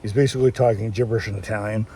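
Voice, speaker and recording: A man's voice: lowish voice, steady tone, rapid-fire, warm tone, slight background noise. A man chatting casually in a walking vlog, rambling and restarting often, recorded on a handheld phone outdoors. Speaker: vlogger. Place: outdoors, walking through town.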